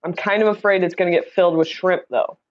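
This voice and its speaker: A woman's voice: on the low side, fairly even intonation, quick pace, highs cut off. Chatty woman hosting a livestream. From Indiana, USA. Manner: chatty, reads viewer comments aloud, greets viewers by name. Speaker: livestream host. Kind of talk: casual livestream chat. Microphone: streaming setup mic.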